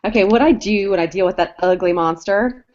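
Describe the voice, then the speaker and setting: A woman's voice: medium pitch, a little fast, a little mellow, muffled recording. A woman novelist on a writing panel, talking in a cheerful, chatty way and laughing often. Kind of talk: casual panel talk.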